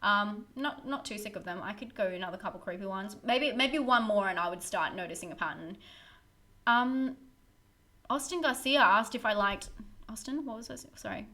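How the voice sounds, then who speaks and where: Bright chatty woman streaming. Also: medium pitch, normal speed. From Australia. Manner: chatty, giggly, rambling with fillers and restarts. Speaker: horror film YouTuber hosting a live stream. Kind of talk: casual live-stream Q&A.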